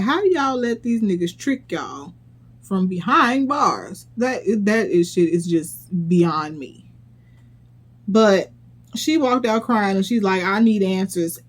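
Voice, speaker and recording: A woman recaps a reality show in a casual, sassy and blunt way. She sounds incredulous and freely drops profanity. Her voice sits at an ordinary middle pitch. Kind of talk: casual commentary vlog.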